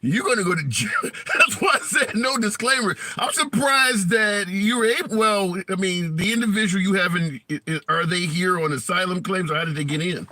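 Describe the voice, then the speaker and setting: A man's voice: high voice, moderate pace, hardly any pauses, sharp tone. A male host of a call-in show, asking his caller probing questions in a casual, conversational way.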